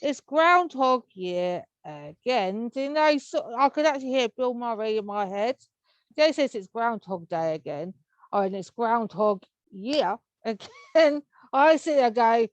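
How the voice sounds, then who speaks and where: A woman's voice: fairly high pitch, no room sound, muffled recording. A woman with an English accent, chatting as an interview guest in a rambling, cheerful way and laughing often. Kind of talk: casual interview chat.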